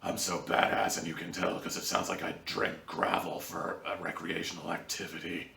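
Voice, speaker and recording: A man mimicking a brooding, gruff male warrior hero in a gravelly, breathy growl, mock-serious and self-important. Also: low voice, little pitch movement, moderate pace, sharp tone, reverberant, distant mic, exaggerated voice.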